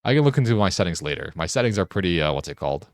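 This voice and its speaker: A young man with a low, deep voice chats casually while streaming a game. He teases and jokes, often tripping over his own sentences. The sound is dry and close, with no room echo. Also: sing-song, rapid-fire. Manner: joking, teasing banter with frequent restarts. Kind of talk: casual chat while gaming.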